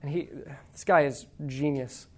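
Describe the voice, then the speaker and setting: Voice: medium pitch, moderate pace, a little mellow. A preacher giving a sermon in a conversational way, asking the congregation rhetorical questions, reading quotations aloud with emphasis and dropping playful asides.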